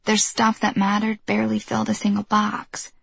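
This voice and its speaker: A woman reading a novel aloud in even, measured audiobook narration. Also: medium pitch, creaky, breathy edge, no room sound.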